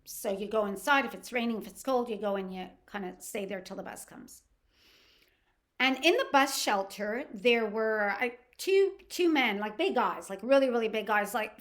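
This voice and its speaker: Telling a personal story on her podcast, a middle-aged woman from Canada speaks casually and with animation, often starting over mid-sentence. She has a fairly high pitch and a moderate pace.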